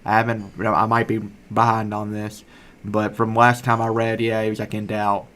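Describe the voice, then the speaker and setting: A man co-hosting a podcast in casual, rambling chat, thinking out loud and talking over his friends. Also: on the low side, little pitch movement, normal speed. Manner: rambling, talks over others. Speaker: podcast co-host.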